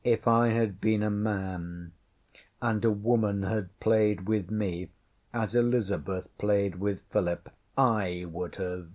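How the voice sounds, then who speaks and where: Reading a storybook aloud, a man gives voice to a proud, teasing noblewoman who is secretly a queen, using archaic, haughty, wry phrasing. He speaks slowly in a lowish, slightly mellow voice with fairly even intonation, striking a wry, regal mood.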